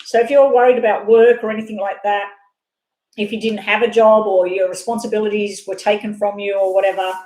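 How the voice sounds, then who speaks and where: A woman doing a live tarot reading, talking fast and rambling off on side chats. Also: medium pitch, flat delivery, darkish tone. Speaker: tarot reader. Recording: echoey room.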